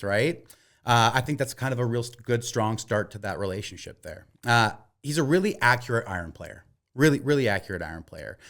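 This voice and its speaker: A man in casual conversation on a podcast, talking through his reasoning out loud. He hedges a lot and restarts his sentences, speaking at a middling pitch. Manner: hesitant, lots of filler "like" and restarts. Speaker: podcast co-host, golf betting. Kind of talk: casual chat.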